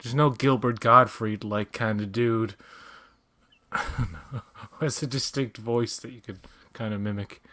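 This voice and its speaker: A man's voice: mid-range voice, fairly even intonation, unhurried, pauses often, bright, forceful tone. A man co-hosting a casual watch-along, talking through his thoughts with restarts and trailing sentences. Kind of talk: casual commentary chat.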